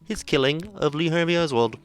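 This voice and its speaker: A man's voice: fairly high pitch, clean tone, dry recording. A man chatting casually on a podcast, chiming in with short quips. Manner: short interjections, quick quips. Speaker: podcast co-host. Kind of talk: casual chat.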